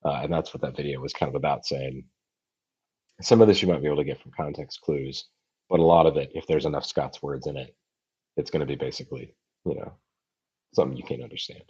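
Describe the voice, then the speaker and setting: On a live Q&A streamed from his home, an American man who runs a language-learning channel answers viewers haltingly, with lots of fillers and restarts. His very deep voice is steady, darkish, and slightly rough. The computer-mic recording sounds muffled.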